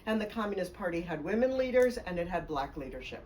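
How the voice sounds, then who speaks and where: A woman's voice: mid-range voice, animated, fast, few pauses, darkish tone, recorded from a distance, poor audio. A woman biographer telling stories in a conversation, speaking fluently and with emphasis. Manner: fluent, emphatic, laughs along. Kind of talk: conversational storytelling interview.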